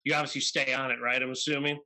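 A man's voice: medium pitch, little pitch movement, fast, sharp tone, poor audio. A man co-hosting an interview, asking eager questions like a fan, with many fillers and restarts. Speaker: podcast co-host. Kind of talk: casual interview chat.

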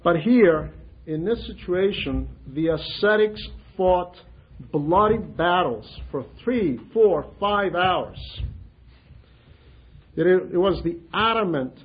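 A man's voice: high voice, animated, slow pace. A man giving an informal spiritual talk to a group, speaking conversationally, repeating phrases and acting out simple prayers. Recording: dull lo-fi sound.

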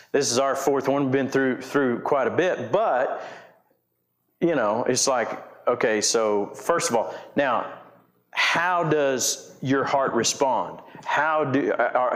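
Middle-aged male preacher, casual country sermon, rambling, emphatic. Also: mid-range voice. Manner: folksy, rambling, self-correcting, emphatic. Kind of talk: informal sermon.

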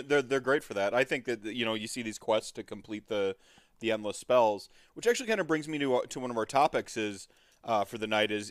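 A man's voice: mid-range voice, dry recording, clean studio sound. A man hosting a casual hobby podcast, talking in a rambling, friendly way with lots of filler words and frequent laughs. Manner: laughs often, friendly and upbeat. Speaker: podcast host.

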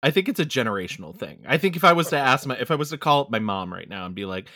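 A man chatting as a podcast guest, animated, laughing often and restarting his sentences. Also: medium pitch, fast talker, no echo, studio quality. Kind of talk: casual chat.

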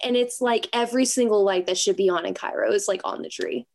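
A woman's voice: mid-range voice, fast, gravelly. Chatty woman musician full of fillers. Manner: chatty, laughs often, many fillers. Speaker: musician guest. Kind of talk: casual interview chat.

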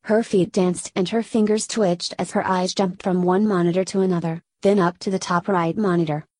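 A woman reading a novel aloud as narrator, in a steady, measured way. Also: lowish voice, no room sound. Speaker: audiobook narrator. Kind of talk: scripted narration.

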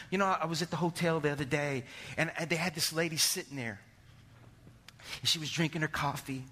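A high-pitched male pastor preaches in an animated way, rising to shouts and then dropping low. His bright, forceful tone carries through a church sanctuary with a long, echoing reverb. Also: fairly quick, breathy edge. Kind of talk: sermon.

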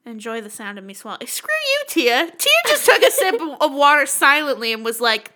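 Bright, joking woman podcast co-host. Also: high voice, sing-song, a little fast, hardly any pauses. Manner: jokey, self-deprecating, laughs often. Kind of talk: casual comedic chat. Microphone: close microphone.

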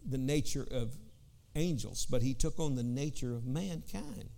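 Gravelly Southern man teaching Bible study. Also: mid-range voice, animated, mellow. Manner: halting, repeats words, frequent amens, slows to read scripture. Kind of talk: informal Pentecostal Bible study preaching.

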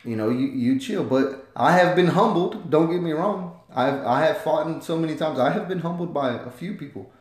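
A man's voice: fairly high pitch, moderate pace, few pauses. Profane, rambling man in a roomy room. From United States. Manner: profane, rambling, emphatic with loud swings. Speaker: podcast host, former Marine. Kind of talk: casual podcast monologue.

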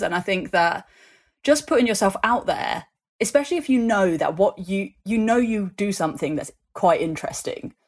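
A woman, a guest in a conversational interview, telling animated stories and leaning on fillers like "um" and "like". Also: medium pitch. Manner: animated storytelling, acts out voices in anecdotes, many fillers.

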